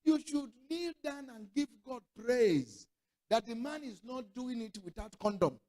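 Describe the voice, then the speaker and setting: A man's voice: very high voice, expressive, measured pace, a little mellow. A middle-aged male pastor preaching a sermon, telling stories with acted-out dialogue and throwing rhetorical questions to the congregation. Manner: storytelling preacher who acts out quoted dialogue.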